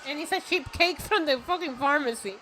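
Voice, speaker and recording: A high, bright-voiced woman reacting live on a stream. She is excitable and profane, often breaking into shouts at what she watches. Her tone is sharp and forceful. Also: a little fast, a little hiss or hum. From Puerto Rico.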